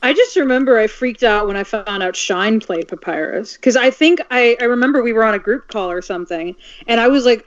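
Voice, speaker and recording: A woman voice actor trades stories in a chatty, giggly way. Her pitch sits in a middle range for a woman. Her audio comes through dull and lo-fi, with the top end muffled. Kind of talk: casual livestream chat. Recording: dull lo-fi sound.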